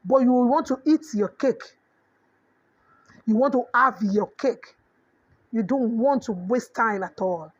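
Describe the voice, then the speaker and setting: Nigerian woman, middle-aged, high voice, preachy parenting coach, dull lo-fi sound. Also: takes it slowly, pauses often. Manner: preachy, mixes in Yoruba proverbs. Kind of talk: motivational parenting talk. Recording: dull lo-fi audio.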